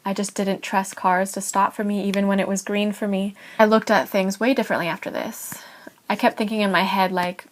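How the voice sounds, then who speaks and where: A young woman from California with an American accent, telling a personal story in a casual, chatty vlog full of "like" and light laughs. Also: medium pitch. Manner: chatty and animated, with frequent "like" and laughs. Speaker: vlogger.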